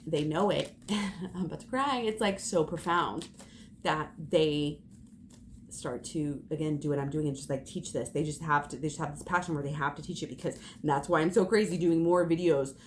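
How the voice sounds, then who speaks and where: Woman, lowish voice, fervent spiritual pep talk, faint room noise. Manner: fervent and emphatic, swearing and laughing. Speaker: tarot reader.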